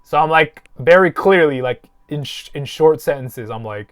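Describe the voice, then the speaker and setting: Profane, animated man telling stories. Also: a little high, moderate pace, hardly any pauses. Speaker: podcast host. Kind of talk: casual chat.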